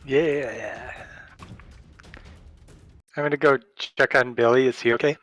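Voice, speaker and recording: A man's voice: mid-range voice, fairly even intonation, takes it slowly, fairly bright tone, faint music behind. A man playing a tabletop game who speaks hesitantly and repeats his words. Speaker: player. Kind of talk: casual tabletop play.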